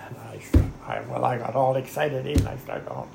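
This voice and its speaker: A man's voice: medium pitch, sing-song, normal speed, gravelly. An older man tells a long rambling story in an interview, often saying "anyhow" and chuckling along the way. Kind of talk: oral history storytelling. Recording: echoey room with faint ambient noise.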